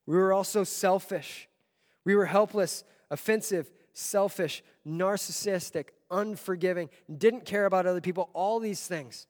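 Man, pastor giving a sermon, storytelling, quiet to loud swells, reverberant hall. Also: sits high, a little slow.

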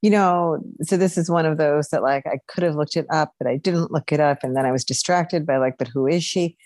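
A woman's voice: low-pitched, a little fast, darkish tone, dry recording. A woman co-hosting a podcast, chatting casually about a TV show with frequent laughs and hedging fillers. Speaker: podcast co-host, lawyer. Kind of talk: casual chat reviewing TV.

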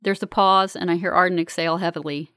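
A woman reading a first-person story aloud in a calm, measured, earnest way. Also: on the low side, clean tone, no room sound, clean studio sound. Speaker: narrator. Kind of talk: first-person audiobook narration.

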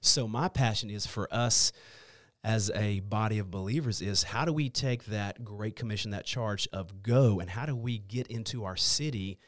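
A man with a low voice talks as a podcast guest. His delivery is earnest and emphatic. The sound is dry and close, with no room around it. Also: moderate pace, fairly bright tone, no echo. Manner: earnest, emphatic about church mission. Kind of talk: casual conversation about faith.

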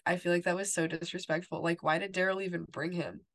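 Lady cohost chatting about a tv episode, kinda low voice, says like constantly. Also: fairly even intonation, fast, fairly bright tone. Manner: fills talk with "like" and "you know". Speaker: podcast co-host. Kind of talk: casual TV recap chat.

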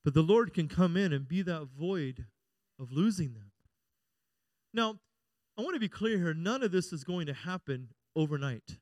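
A middle-aged man, a pastor preaching a sermon, calling out "Amen?" and moving between loud and hushed passages. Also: fairly high pitch, animated, normal speed, no room sound. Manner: preaching with call-and-response "Amen?" and swings between loud and quiet.

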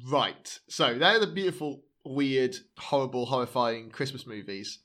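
A man's voice: medium pitch, animated, measured pace, bright, forceful tone. A man hosting a podcast, joking, swearing freely and mockingly reading reviews aloud. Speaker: podcast host. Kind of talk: casual podcast banter.

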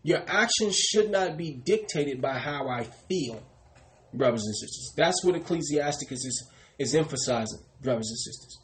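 A preacher delivering a sermon in a fairly high male voice. He poses questions and answers them himself, and he keeps ending phrases with "brothers and sisters" in a lower, softer voice. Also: expressive, moderate pace, a little hiss or hum. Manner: repeats "brothers and sisters" with falling, quieter tags; asks and answers his own questions. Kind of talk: sermon teaching.

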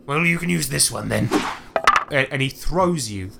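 Gravelly game master. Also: male voice, mid-range voice, moderate pace, heavy background noise. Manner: playful, swearing, excitable. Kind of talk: narrating a tabletop game.

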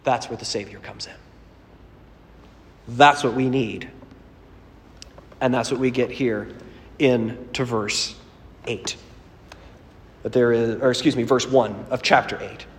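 A man preaching a sermon as a pastor, earnest and storytelling, moving between loud emphasis and quiet asides. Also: mid-range voice, fairly even intonation, slow, long pauses, long reverb tail.

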